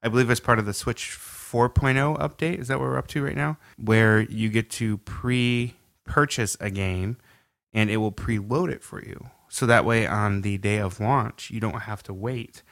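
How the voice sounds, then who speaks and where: A man's voice: on the low side, fairly even intonation, moderate pace, vocal fry, a bit bright, no room sound. A young man co-hosting a gaming podcast, easygoing and rambling. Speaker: podcast co-host. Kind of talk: casual chat.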